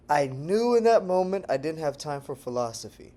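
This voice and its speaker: A man from Texas talks straight to camera in a loose, tangent-prone monologue. His voice sits a bit high for a man and climbs and drops all over the place, flipping from loud bursts to quiet asides. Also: moderate pace. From Texas, United States. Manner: animated and digressive, swings between loud bursts and low murmurs, laughs often. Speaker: language-learning vlogger. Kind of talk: casual talking-head monologue.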